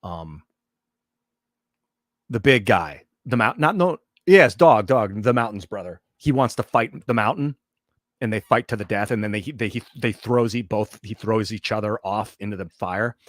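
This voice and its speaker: A man's voice: on the low side, expressive, normal speed, dry recording, clean studio sound. A man hosting a livestream, telling a long story in a loose, profane, rambling way with many restarts. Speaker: livestream host.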